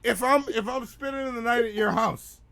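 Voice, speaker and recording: A man's voice: extremely high pitch, moderate pace, creaky, heavy background noise. A man co-hosting a comedy podcast in casual chat, emphatic and repeating himself for effect. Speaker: podcast co-host.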